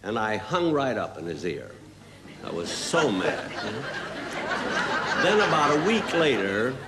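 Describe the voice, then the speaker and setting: Slow deadpan comedian guy doing a stand-up bit, lively up-and-down delivery, hissy 70s tv sound. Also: medium pitch, crowd noise. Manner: slow, deadpan storytelling with drawn-out pauses and asides. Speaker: guest comedian. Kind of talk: stand-up comic monologue on a TV variety show. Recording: hissy 1970s TV broadcast recording.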